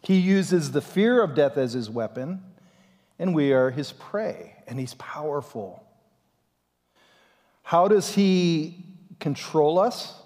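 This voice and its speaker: Animated preacher in a ringing church. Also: male voice, a little high, slow, pauses often. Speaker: pastor. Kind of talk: sermon. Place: church sanctuary. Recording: long reverb in a church hall.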